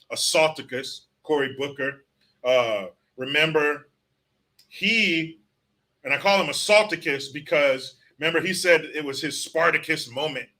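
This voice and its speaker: A man's voice: on the high side, sharp tone. A man hosting a political livestream, ranting bluntly and sarcastically with lots of profanity while reading out chat comments. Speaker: political commentary show host.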